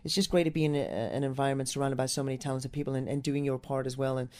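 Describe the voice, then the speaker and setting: Fast-talking man with a mixed accent. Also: mid-range voice, steady tone, a little mellow. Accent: mix of American and Northern English. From Newcastle, England. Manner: rambling, many restarts and fillers. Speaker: musical theatre actor and singer. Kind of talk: interview answers.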